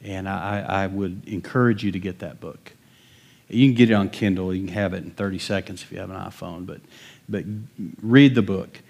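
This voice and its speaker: A man's voice: deep voice, normal speed, vocal fry, a little mellow. A middle-aged man, a pastor, delivering a folksy sermon full of stories, often chuckling and acting out the people he quotes. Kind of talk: sermon with storytelling.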